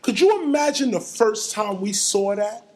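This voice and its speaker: A middle-aged man giving an animated storytelling lecture, acting out sounds and quotes. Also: high voice, normal speed, a little hiss or hum. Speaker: hip hop lecturer.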